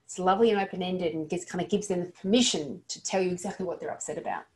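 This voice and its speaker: A woman's voice: fairly low pitch, fast, darkish tone. A woman giving an earnest, practical lesson to dental practice staff, sometimes stumbling and restarting her sentences. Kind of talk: instructional talk to dental staff.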